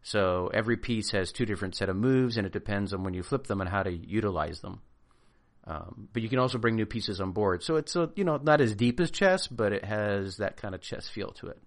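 A man with a somewhat low voice on a casual podcast, explaining patiently. He fills gaps with ums and speaks in a relaxed, unhurried way. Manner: explanatory, relaxed, hesitant fillers. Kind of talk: casual chat.

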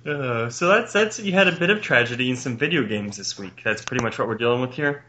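A man with a mid-range, animated, sharp-toned voice hosts a casual podcast with friends over a call. He jokes and teases with mock exasperation, quick to laugh, and the call audio is muffled and lo-fi.

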